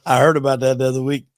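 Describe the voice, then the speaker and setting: A man's voice: medium pitch, a little hiss or hum. A man hosting a podcast, laid-back and profane, rambling in casual chat. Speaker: podcast host.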